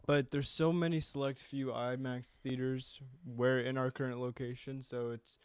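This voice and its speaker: A young man talking through a film in loose, rambling podcast chat, with the odd swear. His voice is smooth and resonant, and his pitch sits mid-range. The sound is close and dry. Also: flat delivery, moderate pace, dry recording. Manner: casual, rambling, swears freely. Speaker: podcast co-host. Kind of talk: casual chat.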